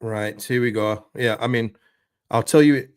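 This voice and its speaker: A man hosts a live football watchalong, talking in an ordinary mid-range voice. He swings between excited reactions and pleading with the players, and reads out and answers his viewers' messages. The sound is dry, with no room echo. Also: medium pitch, a little slow, clear, resonant tone.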